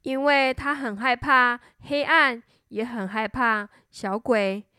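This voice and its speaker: Woman storyteller, children's story narration, high voice, very slow, dry close sound. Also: steady tone, bright, forceful tone, clean tone, dry recording.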